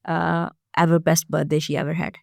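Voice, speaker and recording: Low, gravelly-voiced foster carer woman. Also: flat delivery, darkish tone, no room sound, clean studio sound. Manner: earnest, halting with frequent fillers and restarts. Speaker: foster carer, podcast guest. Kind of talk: casual podcast conversation.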